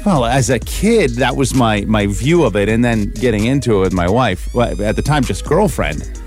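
A man's voice: medium pitch, animated, normal speed, darkish tone, faint music behind. A man co-hosting a morning radio show, telling easygoing personal anecdotes. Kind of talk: casual chat, storytelling.

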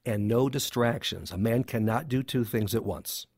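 A man's voice: mid-range voice, moderate pace, darkish tone, breathy edge, dry recording, clean studio sound. A man who is a clinical psychologist, talking as a guest in an interview, making his points in short, emphatic sentences with some humor. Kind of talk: interview conversation.

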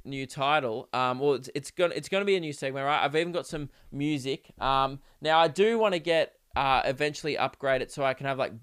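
Ranting Australian man, smooth voice. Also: on the high side, fairly bright tone. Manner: ranting and sarcastic, with frequent swearing and mock outrage. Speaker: comedian podcast host. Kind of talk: solo comedy podcast monologue.

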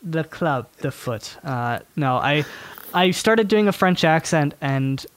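Higher-voiced man hosting a sports podcast. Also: lively intonation, takes it slowly, clean tone. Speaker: podcast host. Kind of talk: casual sports podcast chat.

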